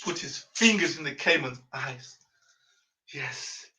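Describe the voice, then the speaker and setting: A man's voice: medium pitch, animated, slow, pushed and bright. A man with a Brazilian Portuguese accent, a native Portuguese speaker, telling a dramatic story in English with emphatic repetition and direct address to his listeners. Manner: emphatic, repeats phrases, addresses listeners as friends. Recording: echoey, distant, dull lo-fi.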